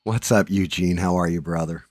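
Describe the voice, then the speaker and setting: A man's voice: low voice, steady tone, normal speed, a little mellow, no echo, studio quality. A middle-aged man hosting a live stream, talking casually in a rambling, profane, joking way. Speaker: livestream host.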